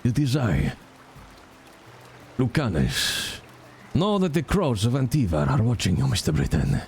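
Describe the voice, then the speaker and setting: A man's voice: mid-range voice, wildly swooping pitch, vocal fry, darkish tone, slight background noise, exaggerated voice. Man doing a brooding, ominous game assassin. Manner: slow, solemn, ominous. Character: brooding male game assassin, slow and grave.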